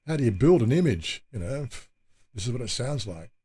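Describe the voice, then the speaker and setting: A man's voice: medium pitch, sing-song, a little fast, mellow, breathy edge. A man hosting his own channel, talking casually in a meandering, hesitant way with many fillers and restarts. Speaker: channel host. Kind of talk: casual rambling vlog talk.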